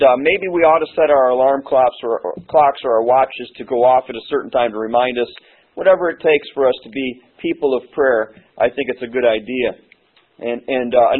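Hoarse preacher guy, kinda husky, lots of uh's, sounds tinny like over a phone. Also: mid-range voice. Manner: earnest, halting, with many "uh" fillers. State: hoarse, losing his voice. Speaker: pastor. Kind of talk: sermon. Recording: tinny phone-like sermon recording.

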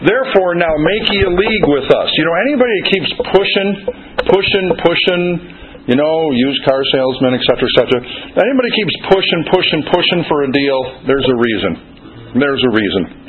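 A man's voice: on the high side, animated, fairly quick, a crowd in the background. A man preaching a conversational expository sermon, reading scripture aloud and acting out quoted voices with humor. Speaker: pastor. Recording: tinny phone-like sermon recording with faint hiss.

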